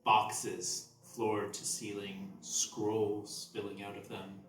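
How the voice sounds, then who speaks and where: A man running a tabletop game as game master, giving relaxed, descriptive narration. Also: fairly low pitch, slow. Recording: roomy, distant mic, faint music.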